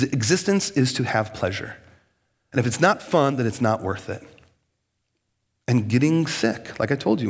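A middle-aged man preaching a sermon as a pastor, joking and acting out quoted voices. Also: medium pitch.

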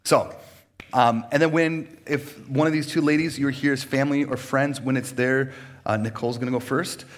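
A man's voice: medium pitch, fairly even intonation, normal speed. A man pastor speaking from a church stage in a loose, chatty way. He jokes, laughs often between phrases and restarts his sentences as he talks. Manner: chatty and joking, with frequent restarts. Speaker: pastor leading baptisms. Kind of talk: casual sermon invitation.

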